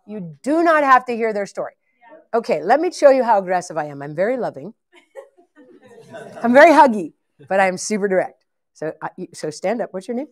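A woman's voice: mid-range voice, sing-song, fairly quick, pauses often. A woman leading a live ministry training session, blunt and joking as she teaches. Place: church event hall.

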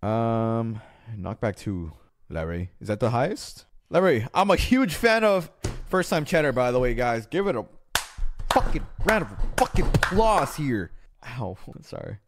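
A young man casually livestreaming a game, excitable and swearing, with sudden shouts. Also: mid-range voice, unhurried, noisy background. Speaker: streamer.

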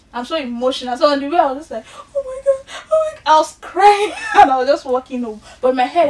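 A young Nigerian woman telling a personal story in a casual chat, acting out the voices in it. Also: fairly high pitch. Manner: animated, acts out quoted dialogue. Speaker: guest storyteller. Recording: voice from far off the mic.

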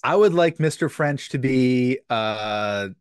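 A man's voice: medium pitch, lively intonation, slow pace, clear, resonant tone, no room sound, clean studio sound. A man co-hosting a podcast in casual chat, rambling, with stammered restarts. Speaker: podcast co-host. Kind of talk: casual chat about an old TV show.

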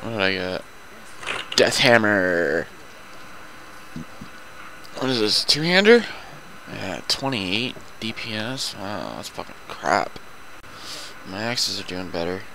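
On the low side with big pitch swings, this gamer takes it slowly and pauses often, his voice pushed and bright. Over poor audio with slight background noise, he chats profanely and loosely with a friend during gameplay.

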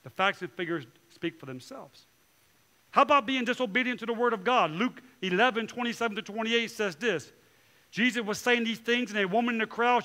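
A male pastor delivering a sermon with a high, bright voice. He preaches in an animated way, jumping into short impressions of churchgoers and quoting scripture with emphasis. His tone stays forceful and clear as he drives each point home. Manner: animated preaching, acting out voices of people and God.

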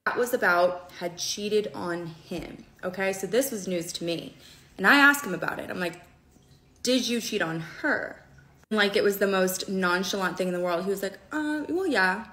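A woman's voice: medium pitch, fairly even intonation, a little fast, pushed and bright. A woman recounting a personal story in a conversational way, often checking in with "okay?".

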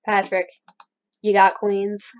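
A woman's voice: mid-range voice, completely flat delivery, slow. A young woman giving casual gameplay commentary as a let's play host, chatty and playfully mock-outraged at her opponents. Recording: slightly dull lo-fi recording.

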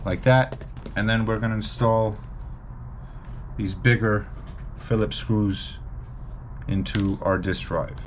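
A man's voice: fairly low pitch, fairly even intonation, slow pace, long pauses, slight background noise. A man walking viewers through a hardware repair step by step, in a casual, instructive way that stresses the warnings. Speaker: repair technician.

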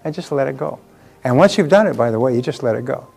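A man's voice: mid-range voice, expressive, fast, vocal fry, darkish tone, breathy edge. A man giving a live motivational seminar talk, emphatic and repeating key phrases for effect.

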